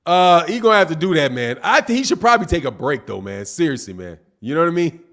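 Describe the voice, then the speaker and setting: A man with a high, lively voice hosts a boxing live stream. He reads viewer comments aloud and fires back at them, teasing and combative, dropping "man" and "dog" at the end of his lines. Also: quick pace. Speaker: boxing channel host.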